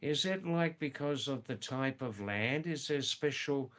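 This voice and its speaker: An older man from England and Australia hosts a casual live chat, reading viewer messages aloud, using their names, teasing and repeating words for emphasis. His mid-range voice is animated, a bit bright and a little slow.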